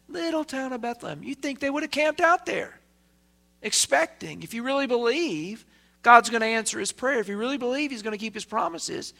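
A man preaching a sermon to his church, swinging between loud emphasis and hushed asides. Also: sits high, gravelly. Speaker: pastor.

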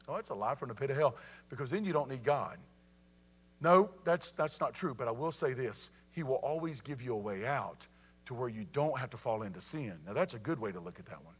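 A man's voice: mid-range voice, lively intonation, a little fast, fairly bright tone, husky. A middle-aged man, preaching a sermon with repeated call-outs and rising emphasis. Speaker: pastor.

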